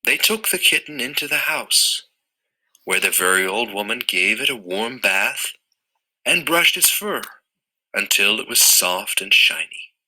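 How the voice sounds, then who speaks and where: A man reading a picture book aloud to a child, with expressive, drawn-out storytelling. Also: lowish voice.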